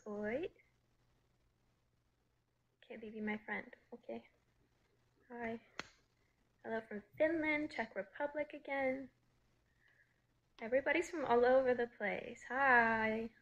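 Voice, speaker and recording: A woman chatting casually on a phone livestream, greeting viewers and reading their comments aloud in a breezy way, quick to laugh. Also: fairly high pitch, fairly bright tone, highs cut off. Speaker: actress hosting a livestream.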